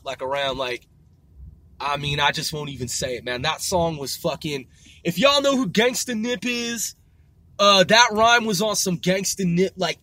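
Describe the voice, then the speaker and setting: A man from Seattle telling profane, rambling stories in a casual, animated way. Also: on the high side, husky. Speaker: podcast host. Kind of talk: casual storytelling.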